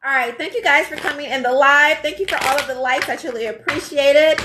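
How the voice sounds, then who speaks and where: A woman's voice: high voice, brisk, noisy background. A woman giving a live tarot reading in a blunt, profane, emphatic way, often checking in with "all right?". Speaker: tarot reader.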